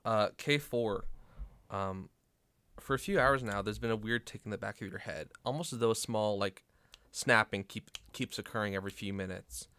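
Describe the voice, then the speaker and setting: A man's voice: fairly low pitch, normal speed, pushed and bright, clean tone, no echo. A man narrating as game master for a tabletop role-playing game, casual and hesitant with fillers.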